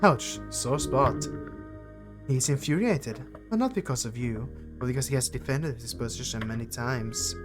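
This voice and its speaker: A man's voice: mid-range voice, moderate pace, over music. A man playing a video game, casually commenting and reading text aloud, often tripping over words. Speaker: gaming YouTuber.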